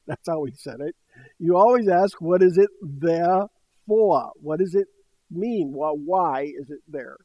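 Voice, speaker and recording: A man's voice: a little high, darkish tone, no room sound. An older man preaching a sermon in a conversational way, with light laughs between points. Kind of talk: sermon teaching. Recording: dull dry studio sound.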